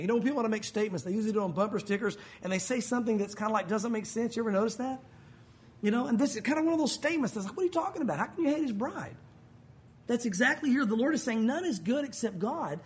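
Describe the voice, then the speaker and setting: A man's voice: sits high, rapid-fire. A man, a pastor, preaching a conversational sermon and acting out the voices he quotes.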